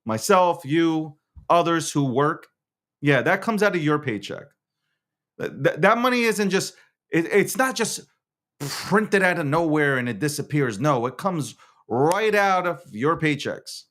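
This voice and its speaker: A man hosts his own show in a loose, opinionated rant, stumbling over and restarting his words. His voice sits high and swings up and down a lot. He laughs and swears freely as he talks. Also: lively intonation, measured pace, a bit bright. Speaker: show host. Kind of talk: casual political rant.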